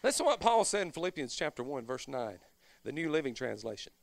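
A man preaching a fervent Pentecostal sermon as pastor, swelling from low, conversational stretches into shouted whoops. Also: sing-song, fast talker, creaky, a faint crowd, slight background noise.

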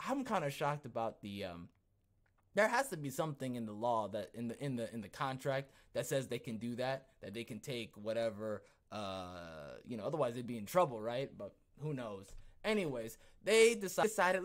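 A man hosting his own podcast, talking in a casual, rambling rant that swings between quiet asides and loud, emphatic bursts. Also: medium pitch, very animated, normal speed. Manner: repeats himself, rambling restarts. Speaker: podcast host. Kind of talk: casual ranting commentary.

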